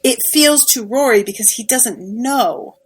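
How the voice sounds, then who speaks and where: A woman's voice: a little high, a little slow, breathy edge, rough recording. A woman co-hosting a podcast, casually recapping a TV episode in an emphatic, sympathetic way with lots of fillers. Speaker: podcast co-host.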